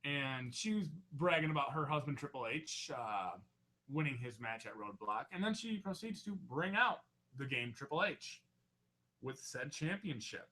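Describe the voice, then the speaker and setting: A man hosting a casual wrestling podcast, loud and joking, swearing freely as he recaps matches. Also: mid-range voice, expressive, normal speed. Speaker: podcast host.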